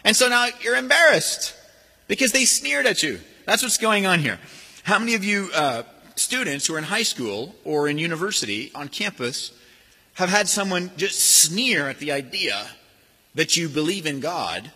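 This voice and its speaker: A man delivering a sermon with a lively, swooping delivery and a slightly husky tone. His voice is bright and fairly high for a man. It rings out with a long reverb through a church hall. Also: moderate pace. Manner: animated, acts out sneering voices. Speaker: pastor. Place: church sanctuary.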